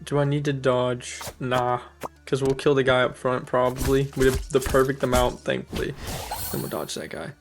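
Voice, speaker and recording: Gravelly young man chatting over gameplay. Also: mid-range voice, level tone, normal speed, music in the background. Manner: chatty, upbeat, self-amused, thinks aloud. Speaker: gaming streamer. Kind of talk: casual let's-play commentary.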